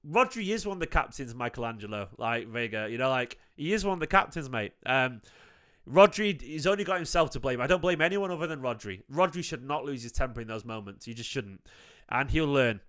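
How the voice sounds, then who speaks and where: A man's voice: mid-range voice, lively intonation, fairly quick, a bit bright. A man in his late thirties hosting a fan channel, talking casually and a bit defensively as he answers chat comments. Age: 30s. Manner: chatty, defensive, says mate often. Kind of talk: casual reaction talk to live chat.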